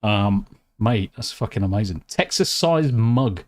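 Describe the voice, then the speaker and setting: A British man chatting casually on a live stream. He reacts excitably to chat and swears freely. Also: on the low side, a little slow. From United Kingdom. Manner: excitable, swears freely, talks while eating.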